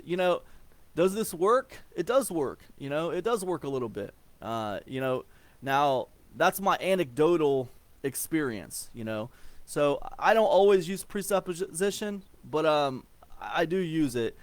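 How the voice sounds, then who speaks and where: A man's voice: fairly high pitch, very animated, a little slow, dry recording. A man in his forties from Ohio, talking casually about email marketing in a rambling way, full of fillers and restarts. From Ohio, USA. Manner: rambling, with many fillers and repeated words. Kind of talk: casual explanatory talk.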